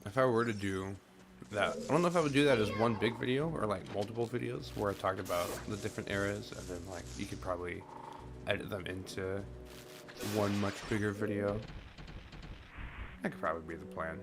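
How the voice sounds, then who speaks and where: A man's voice: on the low side, a little fast, noisy background. A man streaming a game, chatting casually and thinking aloud as he plays. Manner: rambling, thinking aloud with fillers. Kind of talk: casual commentary while playing a game. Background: game music.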